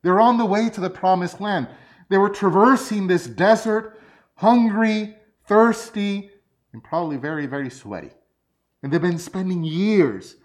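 A man's voice: high-pitched, a little slow. A man preaching a sermon, telling personal stories. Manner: lively storytelling, personal anecdotes.

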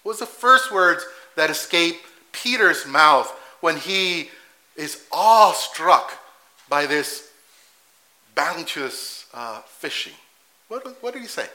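Animated high-voiced male preacher. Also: takes it slowly, poor audio. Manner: animated, acts out quotes, asks rhetorical questions. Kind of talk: sermon.

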